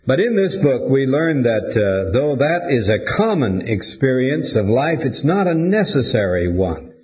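Slow, measured male preacher. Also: medium pitch, sing-song, darkish tone. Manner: measured, deliberate preaching with pauses. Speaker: pastor. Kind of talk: sermon.

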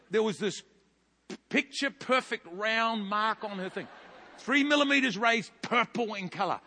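Male pastor, fifties, New Zealand accent, lively storyteller with a bright, high voice. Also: moderate pace, slight background noise. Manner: animated storytelling with big loud rises. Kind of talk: sermon. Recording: long hall reverb.

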